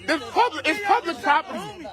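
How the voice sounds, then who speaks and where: A man from Minnesota filming on his phone on a city street, taunting and shouting in a heated confrontation. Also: very high-pitched, moderate pace. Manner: shouting, taunting, repeating himself. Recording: loud crowd on a city street.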